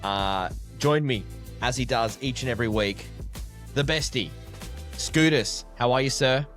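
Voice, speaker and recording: A man's voice: mid-range voice, measured pace, a bit bright, soft background music. A man with an Australian accent hosting a casual sports podcast, joking and crude in his banter. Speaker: podcast co-host.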